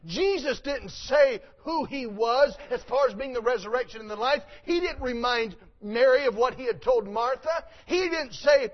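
A man with a high voice preaches a sermon, reading old scripture softly and then building to loud, emphatic appeals. The recording sounds dull and muffled, like an old lo-fi tape. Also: moderate pace, hardly any pauses.

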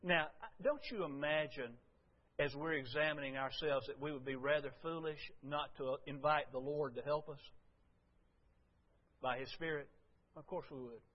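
A man preaching a folksy, storytelling sermon to his congregation, swinging from loud to hushed. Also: on the high side, moderate pace, dull audio. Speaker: pastor.

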